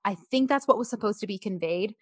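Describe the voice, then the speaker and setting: Speaking fast at a medium pitch, a woman co-hosts a laid-back chat reviewing a show. She walks through its scenes in a chatty way, full of fillers, on a dry, studio-quality recording.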